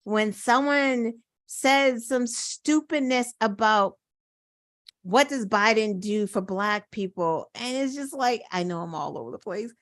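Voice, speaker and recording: Hosting her own show, a woman delivers casual political commentary full of indignant rhetorical questions and swearing. Her voice sits on the high side, she speaks slowly, and the recording is dry.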